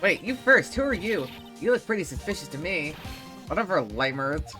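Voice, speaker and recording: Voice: medium pitch, big pitch swings, normal speed, bright, forceful tone, soft background music, voice pushed up. A streamer voicing a pompous, self-important young male director from a game, read aloud in a raised, emphatic way. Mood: indignant.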